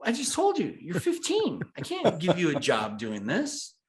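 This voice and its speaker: A man voicing a blunt older male business owner, curt and matter-of-fact, in a higher voice than his own. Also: wildly swooping pitch, unhurried, slight background noise, exaggerated voice. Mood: dismissive.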